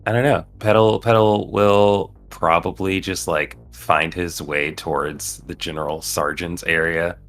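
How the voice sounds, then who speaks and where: A man's voice: low-pitched, steady tone, measured pace, hardly any pauses, a bit bright, faint music behind. A man playing in a tabletop game, chatting casually and rambling about what his character does. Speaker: player. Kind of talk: casual chat.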